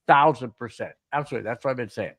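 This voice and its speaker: Animated man telling stories. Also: medium pitch, rapid-fire, crowd noise. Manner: animated storyteller, laughs often, stumbles and restarts. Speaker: podcast co-host. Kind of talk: casual sports podcast chat.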